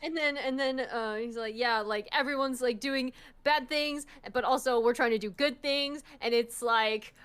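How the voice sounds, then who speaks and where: Bright, giggly young woman. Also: on the high side, normal speed, few pauses, clean tone. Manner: slangy, giggly storyteller. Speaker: co-host guest. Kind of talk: casual stream chat.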